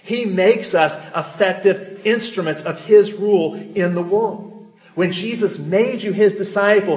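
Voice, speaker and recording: A man's voice: sits high, a little mellow. Man preaching in a roomy church. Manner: earnest preaching with emphatic rises. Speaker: pastor. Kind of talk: sermon.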